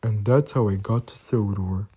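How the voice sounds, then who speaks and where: A man's voice: fairly low pitch, normal speed, dark tone, slightly rough. A man voicing a timid new little male engine who speaks earnestly and apologetically. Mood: sad.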